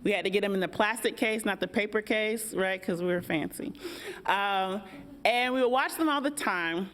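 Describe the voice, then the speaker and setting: A woman's voice: medium pitch, normal speed, a bit bright. American woman speaking on a panel. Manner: engaging, asks the audience questions. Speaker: panel speaker, workshop facilitator. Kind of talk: conversational panel talk. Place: event hall.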